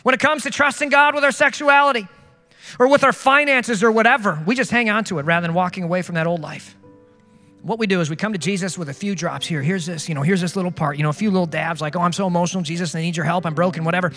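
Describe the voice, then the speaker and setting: A pastor preaches a sermon quickly in a bright, high voice, earnest yet conversational, firing off a string of rhetorical questions. His voice rings out with long reverb, and soft music plays faintly behind him.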